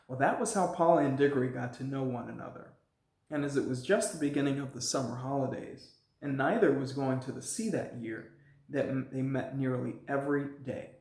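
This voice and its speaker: Guy reading a kids book out loud, laid back, throws in little asides, mid voice, echoey room. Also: medium pitch. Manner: relaxed, adds casual asides to the text. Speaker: channel host reading aloud. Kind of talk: reading a children's novel aloud.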